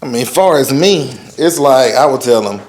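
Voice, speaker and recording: A man's voice: mid-range voice, lively intonation, moderate pace, darkish tone. A man in his forties talking in a loose, rambling way in a casual roundtable chat, often saying "you know what I'm saying". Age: 40s. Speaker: roundtable guest. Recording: echoey room.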